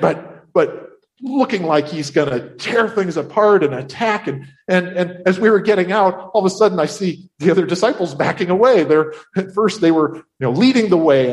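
A man telling a Bible story in the first person, in character, with animated, breathless delivery and frequent restarts. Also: high-pitched.

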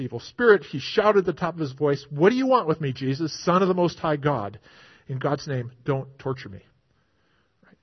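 A man preaching a sermon in a lively manner, often checking in with his listeners by asking "right?". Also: fairly high pitch. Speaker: pastor. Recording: dull, lo-fi recording.

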